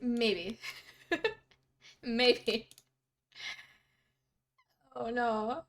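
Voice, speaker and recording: Bubbly high-voiced woman streamer. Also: expressive, extremely slow. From Canada. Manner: bubbly, giggly, chatty, reads chat aloud. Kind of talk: casual live-stream chat.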